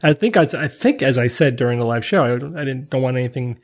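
A man hosting a podcast, talking in a measured, thoughtful way during casual chat. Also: medium pitch, animated. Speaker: podcast host.

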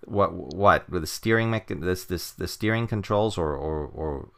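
A man's voice: deep voice, normal speed, creaky, fairly bright tone. A man co-hosting a comic book podcast in casual chat, rambling with lots of fillers and frequent chuckles.

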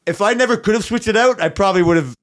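A man's voice: high-pitched, very fast. A man co-hosting a podcast, telling a work story in a casual, profane way, acting out his coworkers' lines. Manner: swears often, animated retelling with voices for coworkers. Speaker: podcast co-host.

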